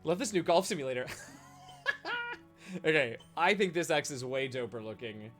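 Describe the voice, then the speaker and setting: A man streaming a video game, giving casual, excitable, joking commentary and sometimes swearing or yelping. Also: on the high side, moderate pace. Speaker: gaming streamer. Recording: voice over loud game music.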